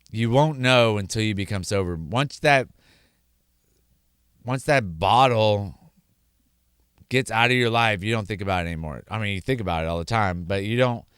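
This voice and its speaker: A man's voice: lowish voice, fairly bright tone, clean tone, dry recording, studio quality. A middle-aged man telling his own sobriety story in an earnest, rambling way, often restarting sentences and acting out quotes. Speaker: podcast host sharing his sobriety story. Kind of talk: candid personal monologue.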